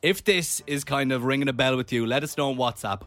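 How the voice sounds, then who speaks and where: A man's voice: medium pitch, fairly quick, a bit bright, dry recording. A man co-hosting a radio show, casual and teasing, laughing often.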